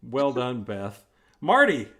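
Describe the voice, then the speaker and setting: Bright-voiced man hosting an improv game. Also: medium pitch, wildly swooping pitch. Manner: brisk, laughs along with the players. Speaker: improv show host. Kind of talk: live improv hosting, calling time.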